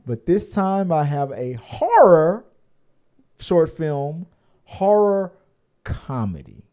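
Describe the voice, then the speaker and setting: A man's voice: a little high, very animated, slow, dark tone. A man co-hosting a podcast in loose, rambling casual chat, joking and swearing freely. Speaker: podcast co-host.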